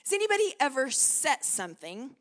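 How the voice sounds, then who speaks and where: A woman's voice: sits high, sing-song, brisk. A woman in her forties with a Texan accent, preaching as a guest pastor in an encouraging manner and leading the congregation in call-and-response. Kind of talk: sermon.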